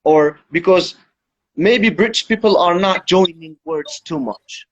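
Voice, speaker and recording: A man's voice: high voice, unhurried. A man who teaches English explains things step by step as the guest of an Instagram Live chat. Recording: dull lo-fi livestream audio.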